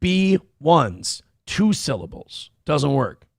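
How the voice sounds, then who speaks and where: A man hosting a morning livestream show, reading donations in loud, crude, fast banter. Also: fairly high pitch, big pitch swings, vocal fry, no echo, studio quality.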